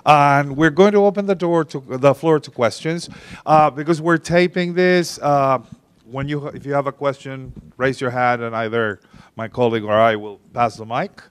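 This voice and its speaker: A man's voice: medium pitch, moderate pace, clear, resonant tone. A man moderating an event, thanking the speaker and announcing questions formally.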